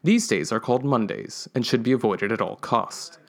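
A man, a writer and podcast co-host, reading his story aloud in a measured way and stopping to correct himself. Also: mid-range voice, animated.

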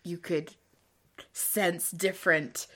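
A woman's voice: fairly low pitch, fairly even intonation, takes it slowly, sharp tone. A woman co-hosting a casual book podcast, explaining things eagerly and laughing often. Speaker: podcast co-host. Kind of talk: casual book-club chat.

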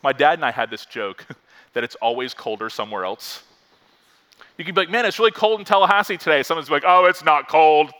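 A pastor from Florida preaching a lively sermon and acting out the quotes he reads. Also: a little high.

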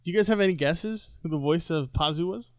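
A man's voice: a little high, fairly quick, no room sound. Podcast guy, swears a lot, dry close mic. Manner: swears freely, teasing reveals. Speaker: podcast co-host. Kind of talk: casual podcast chat.

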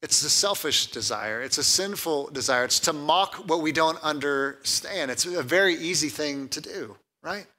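A pastor preaching a sermon in a conversational, animated way, often repeating words and slipping in humor. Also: male voice, fairly high pitch, moderate pace, hardly any pauses.

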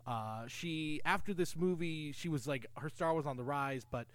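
A man's voice: fairly high pitch, moderate pace. A man co-hosting a podcast, enthusiastically recapping a film's plot and trivia in casual chat. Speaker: podcast co-host. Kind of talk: casual film discussion.

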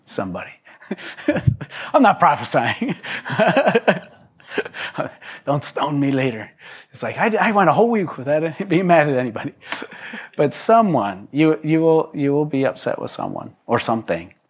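A man's voice: on the high side, sing-song, moderate pace, husky. A man preaching to a congregation in a loose, conversational way, with joking asides and frequent restarts. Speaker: pastor. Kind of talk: conversational sermon.

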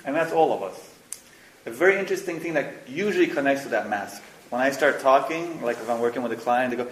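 A man's voice: medium pitch, quick pace. Man, spiritual teacher, frank casual talk, roomy echo, faint hiss. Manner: frank, animated, mixes slang and swearing. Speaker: spiritual teacher leading a workshop.

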